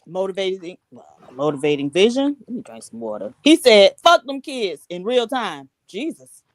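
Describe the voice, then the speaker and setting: A woman's voice: medium pitch, very animated, normal speed, no room sound, studio quality. A woman hosting a live-stream talk show, playful and sassy, reading viewer comments. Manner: playful, sassy, reads chat aloud.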